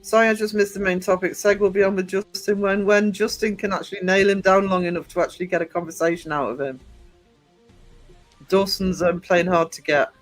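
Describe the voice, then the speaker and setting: A man with a fairly high voice hosts a casual live podcast stream, reading the chat and greeting people. He laughs easily and teases his guests, and faint music runs underneath. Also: fairly even intonation, fairly quick, poor audio. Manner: laughing, teasing, greets chatters as darling.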